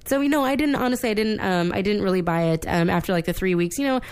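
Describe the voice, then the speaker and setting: A woman's voice: medium pitch, fast talker, a little mellow, smooth. A woman co-hosting a casual film-review podcast, talking bluntly and animatedly, swearing freely and using plenty of fillers. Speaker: podcast co-host.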